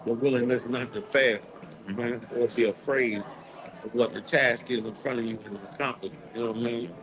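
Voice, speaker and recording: A man's voice: medium pitch, steady tone, moderate pace, crowd noise. A man in the audience offering encouraging words.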